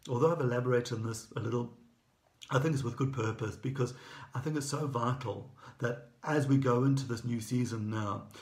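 A man's voice: mid-range voice, darkish tone, echoey room. A man preaching a sermon as pastor, earnest and conversational, often restarting his phrases.

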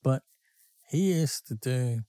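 Brief: male podcast co-host, mellow, loose self-interrupting storyteller. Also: medium pitch, lively intonation, takes it slowly, dry recording. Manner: rambling, self-interrupting anecdotes. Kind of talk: casual storytelling.

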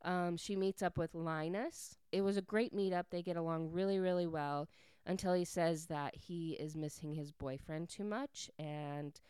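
A woman's voice: low-pitched, darkish tone, smooth, no room sound. A woman casually recapping a story plot to her viewers, chatty and full of "like" fillers.

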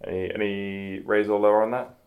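Gravelly, low male co-host, teasing and crude. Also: flat delivery, a little fast, darkish tone. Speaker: podcast co-host. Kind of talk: casual chat.

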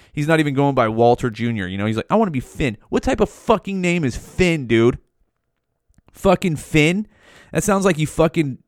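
In a small room at home, a man in his forties hosts a solo podcast, his mouth right up against the mic as he rants heatedly and swears constantly. His voice sits in the mid-range, and the studio-quality recording has no echo.

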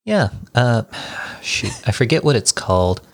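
A man at mid pitch co-hosts a book club podcast from a studio. He explains details in a relaxed, easygoing way, with filler words and short laughs. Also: unhurried, gravelly. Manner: explanatory, relaxed, reads passages aloud. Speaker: podcast co-host. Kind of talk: casual book club chat.

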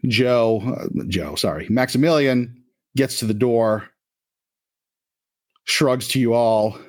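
A man narrating as game master of a tabletop role-playing game, in a relaxed, profane storytelling manner. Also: mid-range voice, slow.

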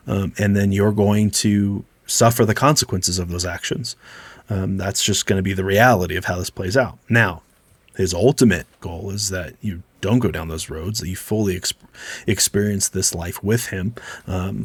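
A man's voice: low-pitched, normal speed, husky, no echo. A man co-hosting a casual faith podcast, talking things through in an earnest way. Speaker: podcast co-host.

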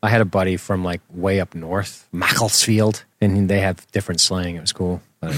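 Low-voiced, profane, joking man. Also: a little slow, no room sound. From United States. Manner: profane, jokey, laughs often. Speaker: podcast co-host. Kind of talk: casual chat.

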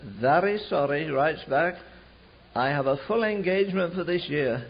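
An older man preaching a storytelling sermon, fervent and building to shouted climaxes, with a husky voice. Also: on the high side, expressive, moderate pace. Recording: dull lo-fi archive recording.

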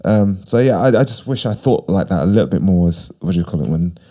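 A man's voice: low-pitched, lively intonation, fast talker, warm tone. A middle-aged man, a podcast guest talking casually, rambling and repeating himself with emphasis. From United Kingdom. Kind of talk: casual conversation.

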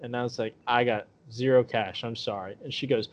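A man's voice: medium pitch, steady tone, fairly quick, few pauses. A man co-hosting a podcast, telling a profane story and acting out the voices of the people in it. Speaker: podcast co-host. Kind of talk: casual storytelling chat. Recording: dull lo-fi podcast audio.

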